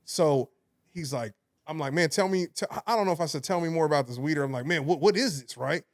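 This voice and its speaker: A young man on a podcast, telling a wild story in casual chat, animated, swearing and laughing as he goes. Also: a little high, fast talker. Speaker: podcast co-host.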